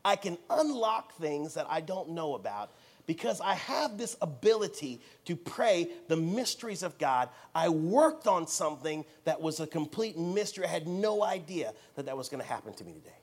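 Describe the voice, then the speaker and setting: An American man preaching a sermon, telling a story in an animated, theatrical way and acting out the dialogue. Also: a little high, moderate pace. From United States.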